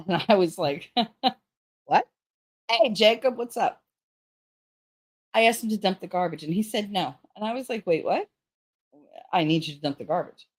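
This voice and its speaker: A woman's voice: mid-range voice, moderate pace, long pauses. A middle-aged woman hosting a stream, chatting casually with her viewers in a blunt, profane way and laughing often. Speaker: livestream host. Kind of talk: casual chat with live chat.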